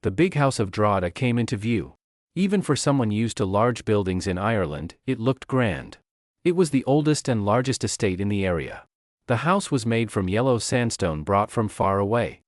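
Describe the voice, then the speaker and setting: Casting: male audiobook narrator for learners, clear and plain, lively pitch, dry close sound. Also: moderate pace, dry recording.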